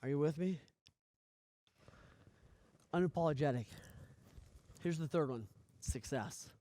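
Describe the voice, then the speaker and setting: A man giving a motivational coaching speech, energetic, often asking "right?" and acting out little dialogues. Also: on the high side, measured pace, no room sound. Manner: energetic, repeats "right?" often, stammers on restarts; acts out dialogue in lively voices. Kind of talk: motivational talk.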